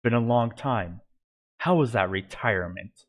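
A man voicing a vengeful male villain who rules spirits, speaking in a low growl. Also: a little slow. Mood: menacing. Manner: growling, menacing.

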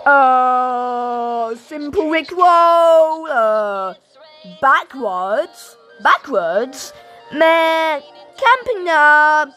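A woman giving goofy, excitable gameplay commentary, shouting now and then, with a sore throat. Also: sits high, very slow, soft background music. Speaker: gaming video creator.

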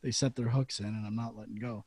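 A man's voice: medium pitch, steady tone, quick pace, a little mellow, husky, no echo. Chatty joking male podcast host. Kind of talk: casual chat.

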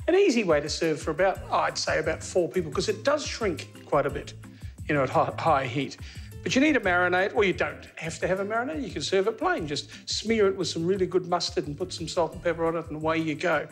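A man hosting a cooking show in a studio kitchen, chatting casually and joking with the crew as he cooks. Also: sits high. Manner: chatty, jokey, talks to the crew while cooking.

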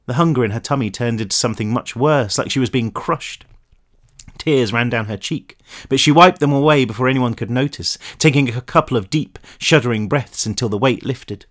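A man, the author, narrating his own novel aloud in an expressive storytelling manner. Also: medium pitch, a little fast. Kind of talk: audiobook narration.

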